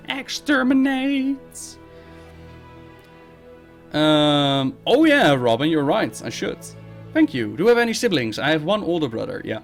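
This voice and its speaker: A man hosting a live Q&A stream, reading viewer questions aloud and answering them bluntly and briskly. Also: medium pitch. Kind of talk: casual live-stream chat.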